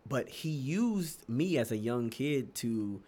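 A young man from Texas telling stories in a casual chat, animated and laughing often, his pitch leaping up for emphasis. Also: takes it slowly. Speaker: podcast co-host.

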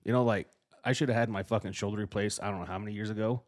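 A man's voice: on the low side, rapid-fire. A middle-aged man co-hosting a podcast, telling a story in casual chat with lots of swearing and acted-out quotes. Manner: profane, animated storytelling, acting out quotes. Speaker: podcast co-host.

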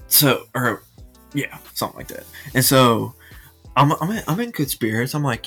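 A man co-hosting a casual sports podcast, rambling and animated as he retells watching a game. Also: medium pitch, normal speed, gravelly, slightly rough, soft background music. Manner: rambling, animated, many fillers and restarts. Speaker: podcast co-host.

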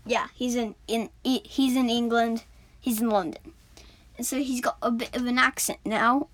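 A woman's voice: on the high side, steady tone, normal speed, dry recording. A woman improvising a story as a storyteller, rambling with many fillers and restarts.

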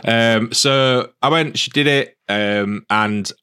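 A man's voice: mid-range voice, takes it slowly, bright, forceful tone, clean tone. A man co-hosting a casual podcast, telling stories in a chatty, self-deprecating way. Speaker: podcast co-host. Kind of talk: casual chat.

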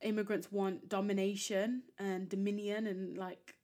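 A woman hosting a history podcast, commenting in an animated, exasperated way and reading quotes aloud. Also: medium pitch, measured pace. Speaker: podcast host.

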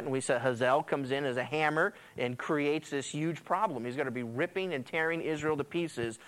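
Male pastor, sermon, smooth clear voice, animated storytelling. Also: a little high. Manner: animated storytelling preacher, acts out quotes.

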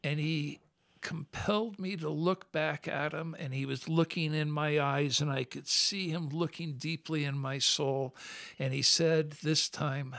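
Earnest man with a gravelly, higher voice. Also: fairly even intonation, a little slow, a bit bright, no room sound. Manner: earnest, heartfelt testimony. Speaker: guest. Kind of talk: podcast interview storytelling.

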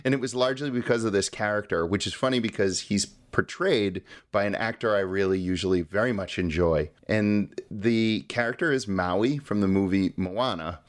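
A man's voice: lowish voice, moderate pace, few pauses. A man co-hosting a podcast in casual chat, giggly and careful with his opinions. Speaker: podcast co-host.

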